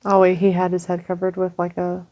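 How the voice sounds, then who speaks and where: A woman co-hosting a podcast, reacting to the story with short remarks and quick asides. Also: on the low side, completely flat delivery, warm tone. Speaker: podcast co-host. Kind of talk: casual chat.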